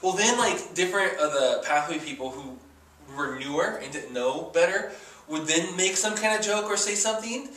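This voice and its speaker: A man's voice: sits high, animated, moderate pace, bright, forceful tone, slight background noise. A man co-hosting a casual chat show, telling long stories full of fillers. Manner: rambling, filler-heavy storytelling. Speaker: podcast co-host. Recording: echoey room, mic at a distance.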